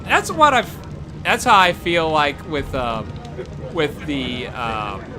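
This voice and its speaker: A man's voice: a little high, wildly swooping pitch, slow. A man hosting a casual livestream over gameplay, rambling with many fillers and restarts. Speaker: gaming channel host. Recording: game music playing behind the voice. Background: game soundtrack music.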